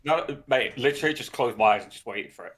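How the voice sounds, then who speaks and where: A man's voice: medium pitch, expressive, fast, over a noisy crowd. A man co-hosting a podcast, telling a story in casual chat, swearing and laughing often. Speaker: podcast co-host.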